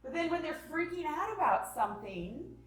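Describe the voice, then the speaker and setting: Animated woman teaching in an echoey hall. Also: sits high, moderate pace, recorded from a distance. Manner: animated, acts out parent and child voices, drops to whispers. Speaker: parenting workshop presenter. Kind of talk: lively parenting talk to a live group.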